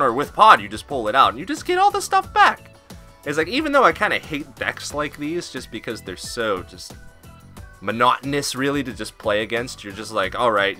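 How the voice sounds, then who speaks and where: A man with a very bright, sharp voice talks through game commentary in a loose, joking way. His pitch leaps around freely, and he throws in swearing and silly asides. Faint music plays underneath him. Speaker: host. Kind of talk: casual commentary.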